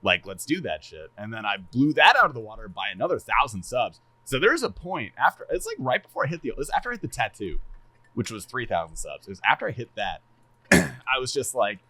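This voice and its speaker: A man casually chatting on a podcast, animated and laughing a lot, swearing freely and stumbling over repeated words. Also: mid-range voice, fairly quick. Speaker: streamer and podcast co-host.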